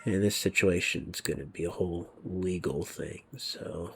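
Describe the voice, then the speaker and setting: A man's voice: sits low, a little slow, gravelly, fairly bright tone, slight background noise. A man giving rambling, casual commentary over gameplay, sometimes dropping to a near whisper. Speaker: gaming video creator.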